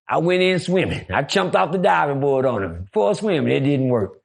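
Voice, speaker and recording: A middle-aged man telling stories in a casual interview. He is animated and keeps switching into the voices of people from his stories. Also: on the high side, fairly quick, gravelly. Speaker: guest.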